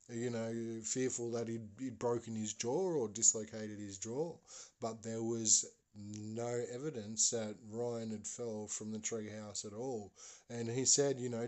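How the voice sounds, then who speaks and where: A man's voice: fairly low pitch, darkish tone. A man, a podcast host telling a story in a rambling, hesitant way with many fillers. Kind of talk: casual spoken storytelling.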